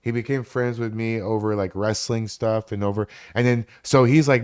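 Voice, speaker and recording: Forties guy on a live stream, kinda low voice, rambly and cussing a lot. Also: moderate pace, few pauses, clean tone. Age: 40s. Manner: rambling, profane, animated storytelling. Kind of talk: casual live-stream chat.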